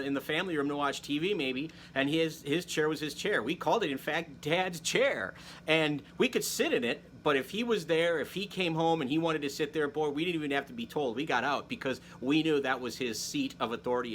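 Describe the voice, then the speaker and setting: A man's voice: on the high side, a little fast, a bit bright, a little hiss or hum. A man from Wisconsin hosting a casual, friendly talk about church history, with self-deprecating asides. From Wisconsin, United States. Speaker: host. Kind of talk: casual catechetical talk to camera.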